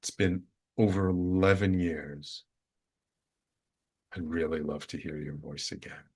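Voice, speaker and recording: A man with a slightly low voice tells a personal story on his radio show. He is earnest and reflective, often repeating phrases to drive a point home. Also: fairly even intonation, a little slow, slightly rough.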